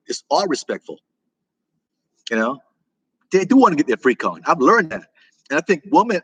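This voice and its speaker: Husky American man chatting with viewers. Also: on the high side, a bit bright, dry recording, low-quality recording. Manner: rambling, repeats himself, talks back to viewer comments. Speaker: livestream host answering chat. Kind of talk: casual live chat.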